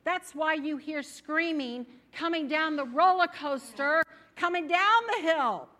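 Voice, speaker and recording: A woman preaching to a church congregation in a bright, fairly high voice. She talks in a conversational, animated way and often slips into the voices of worried listeners. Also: a little slow. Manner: animated, acts out inner voices. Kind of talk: sermon.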